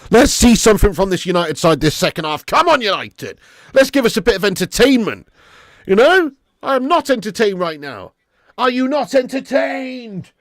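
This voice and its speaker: A man's voice: sits high, big pitch swings, a little fast, no room sound, clean studio sound. Chatty man streaming football. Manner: chatty, banters with viewers, swears casually. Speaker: football watch-along streamer. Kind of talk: live stream commentary and chat.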